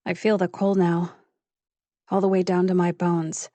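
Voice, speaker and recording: A woman reading a first-person psychological thriller audiobook in a measured, intimate storytelling manner on a close studio mic. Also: fairly low pitch, level tone, mellow, no echo. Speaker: audiobook narrator.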